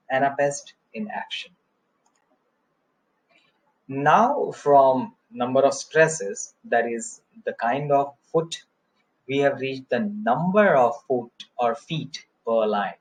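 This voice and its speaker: A man's voice: mid-range voice, slow pace, low-quality recording. A man teaching English poetry, reciting verse and counting out stressed and unstressed syllables, with frequent fillers. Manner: frequent "uh" and "you know" fillers. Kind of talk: lecture on poetic meter, reciting verse.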